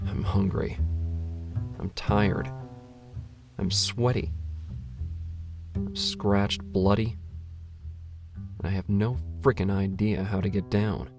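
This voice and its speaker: A man reads a first-person short story in a low, gravelly voice. He takes his time, with a dry, wry, self-mocking tone. The recording is close and dry, with no room sound. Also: steady tone, slow pace, long pauses, darkish tone, soft background music. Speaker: narrator.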